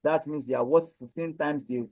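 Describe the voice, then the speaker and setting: A man from Nigeria presenting a webinar sales pitch, pressing listeners again and again to buy a training course. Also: steady tone, moderate pace, darkish tone, no echo, low-quality recording. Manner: persuasive, repetitive sales push. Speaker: online course seller.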